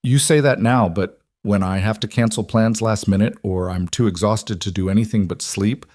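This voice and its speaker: A man voicing a guarded, earnest young woman who works as an emergency doctor, spoken softly and sincerely in a low voice. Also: moderate pace, no room sound, close to an everyday voice. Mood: doubtful.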